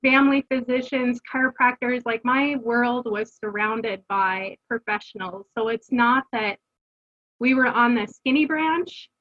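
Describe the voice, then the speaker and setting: A middle-aged woman, a homeschooling mother guesting on an interview, shares her family's story with earnest candor, stumbling into fillers and restarts. Her voice sits a little high and her pace is measured; the high frequencies are cut off.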